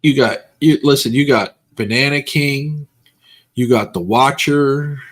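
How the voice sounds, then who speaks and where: A man talks casually and teases in a light way. His voice sits at an ordinary middle pitch. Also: measured pace. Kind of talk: casual chat.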